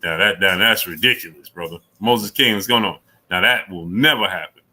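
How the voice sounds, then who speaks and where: A middle-aged man hosting a casual live stream, reading super chats, repeating himself and climbing high when he argues. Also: brisk, low-quality recording. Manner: animated, repeats himself, rises sharply when arguing.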